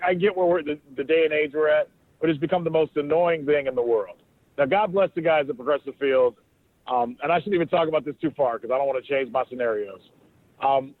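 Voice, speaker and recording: A man co-hosting a podcast, telling a long story in casual chat, animated and swearing freely as he acts out what people said. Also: on the high side, no echo. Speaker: podcast co-host, sports reporter. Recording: dry, phone-like sound.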